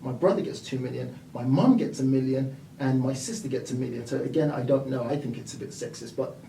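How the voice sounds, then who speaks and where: A man telling a story in a casual interview, lively, acting out quotes and laughing as he talks. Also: mid-range voice, brisk, vocal fry, slight background noise. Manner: animated, laughs mid-sentence, acts out quotes. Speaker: property investor guest. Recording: echoey room, mic at a distance.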